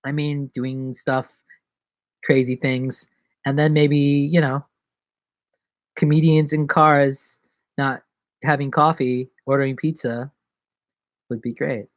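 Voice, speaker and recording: A man's voice: medium pitch, flat delivery, slow pace, pauses often, no echo. A man chatting casually on a live stream, rambling from one joke and bit of wordplay to the next.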